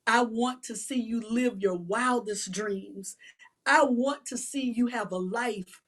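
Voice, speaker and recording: A woman's voice: a little high, slow. A woman guest in an interview, speaking sincerely and openly emotional. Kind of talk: heartfelt conversation.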